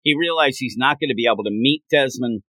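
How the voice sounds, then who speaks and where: A man's voice: mid-range voice, no echo, rough recording. A man hosting a podcast, chatting casually about a comic and acting out its lines with laughs. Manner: animated retelling with quick acted quotes and laughs. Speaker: podcast host. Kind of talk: casual manga discussion.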